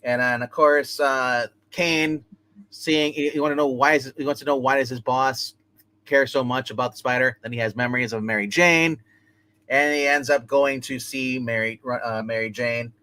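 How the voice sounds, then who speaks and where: A man's voice: medium pitch, steady tone, moderate pace, sharp tone. Casual man recapping comic plots. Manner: loose, rambling retelling with many restarts. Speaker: comic book reviewer. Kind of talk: casual solo comic review, retelling plots.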